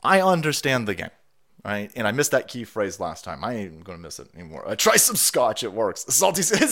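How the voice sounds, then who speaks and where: A male streamer, nasal from a cold and a bit winded, rambles sarcastically with plenty of profanity on a casual livestream. His mid-range voice swings widely in pitch, moves fairly quickly, and has vocal fry and a sharp tone.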